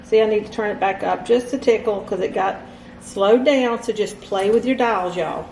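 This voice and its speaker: A woman's voice: medium pitch, normal speed, a little mellow, echoey room, a little hiss or hum, low-quality recording. A middle-aged woman hosting a casual, homey cooking demonstration in her kitchen. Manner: chatty, instructive, homey. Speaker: home cooking host. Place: home kitchen.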